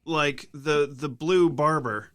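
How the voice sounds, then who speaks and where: A man co-hosting a podcast, talking casually in halting, hedging sentences full of fillers. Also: on the high side, fairly bright tone, no echo, studio quality. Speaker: podcast co-host. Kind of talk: casual chat.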